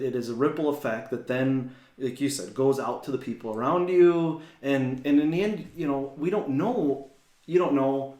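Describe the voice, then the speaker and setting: A man co-hosting a casual faith-based talk, thinking out loud and often checking in with "right?". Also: mid-range voice. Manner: says "right?" a lot, reflective, backs up his co-host. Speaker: podcast co-host. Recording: echoey room.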